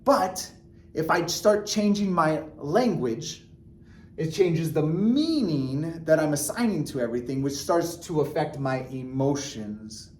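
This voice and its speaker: A man talking earnestly to his viewers in a casual motivational vlog, animated and full of restarts and fillers. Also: on the high side, unhurried, slight background noise. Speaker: vlogger. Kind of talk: casual motivational talk to camera.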